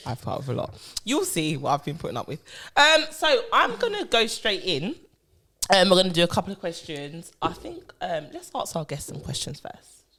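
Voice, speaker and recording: Giggly woman, lively pitch. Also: moderate pace. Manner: giggly, teasing, playful. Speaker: podcast co-host. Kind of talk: casual chat.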